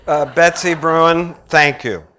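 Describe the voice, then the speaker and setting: A man's voice: a little high, steady tone, slow, pushed and bright. A middle-aged man with a Midwestern American accent, lecturing to an audience in a blunt, joking way full of asides. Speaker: art critic giving a lecture. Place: lecture hall.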